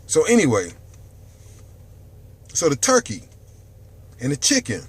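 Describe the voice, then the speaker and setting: A man's voice: on the high side, huge pitch swings, a little slow, husky, no echo. Fiery, profane man preaching about health. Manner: profane, preachy, swings from loud outbursts to hushed near-whispers. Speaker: health vlogger. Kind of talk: impassioned health monologue to camera. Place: indoors in a dark room.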